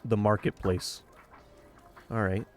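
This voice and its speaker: Relaxed man streaming a game. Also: lowish voice, takes it slowly. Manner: relaxed, chatty, thinking aloud. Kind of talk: casual let's-play commentary. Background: faint game music.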